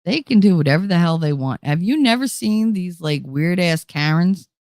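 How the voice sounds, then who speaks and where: A woman with a lowish, slightly mellow voice and lively intonation talks at normal speed, recorded with no room sound. She's a livestream host in a casual chat, blunt and full of swearing, answering viewers and acting out those she talks about.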